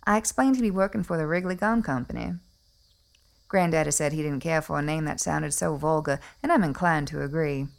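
A woman's voice: sits low, fairly quick, vocal fry. A woman playing a snobbish, wealthy middle-aged Southern belle mother with an Atlanta accent, speaking in a prim, genteel and condescending way in a comic monologue. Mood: haughty.

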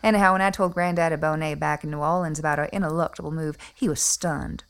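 A woman doing a snooty Atlanta belle, low and gravelly. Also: steady tone, fast, soft background music. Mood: haughty. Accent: Southern US, Atlanta. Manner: prim, genteel and condescending. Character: snobbish wealthy Southern belle mother, middle-aged, haughty. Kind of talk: comic character monologue.

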